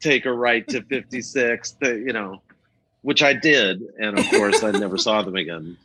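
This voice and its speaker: An older man with a fairly low voice speaks at a moderate pace, though the audio quality is poor. He's a rock photographer in a casual interview, telling stories with animation and acting out the people in them.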